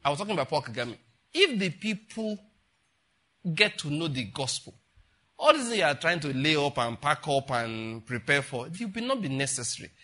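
A man's voice: fairly high pitch, big pitch swings, fairly quick, bright, forceful tone. An older man, preaching a sermon in a chatty way, full of rhetorical questions and asides. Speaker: pastor.

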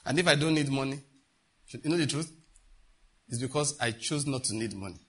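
Husky-voiced male pastor preaching. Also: mid-range voice, a little fast. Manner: emphatic preaching with rhetorical questions. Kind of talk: sermon.

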